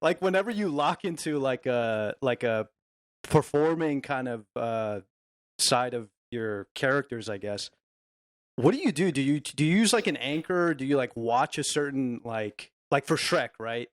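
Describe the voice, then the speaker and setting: A man's voice: medium pitch, lively intonation, unhurried, no echo, studio quality. A man hosting a podcast, encouraging his guest, laughing often and asking rambling questions. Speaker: podcast host. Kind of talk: casual podcast chat.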